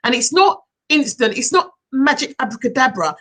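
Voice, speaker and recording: A middle-aged woman, a hypnotherapist hosting a live-streamed chat, speaking in an encouraging, animated way. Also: high-pitched, normal speed. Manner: encouraging, animated, reads viewer comments aloud.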